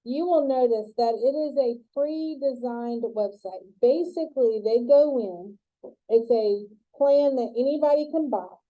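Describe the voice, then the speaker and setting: A woman's voice: fairly high pitch, dark tone, rough recording. A woman teaching a college web design class in a chatty, joking way, acting out both sides of conversations in her stories. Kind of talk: classroom lecture with storytelling.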